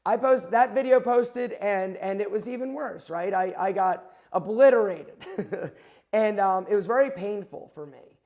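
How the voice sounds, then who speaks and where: High-voiced man telling a candid story. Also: measured pace, a little mellow. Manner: rambling, self-correcting, quotes himself and others. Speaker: channel host.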